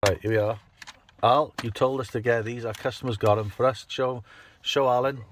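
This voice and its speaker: A man's voice: mid-range voice, fairly even intonation, moderate pace. A man on a building crew, bantering with a workmate in a teasing, jokey way outdoors on site. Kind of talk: casual banter.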